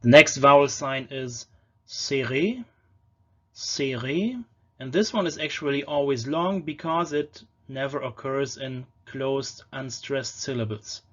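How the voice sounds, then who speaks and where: A man giving a patient lecture on ancient pronunciation, often slowing down to sound out single words. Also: mid-range voice, bright, forceful tone, muffled recording. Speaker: language lecturer.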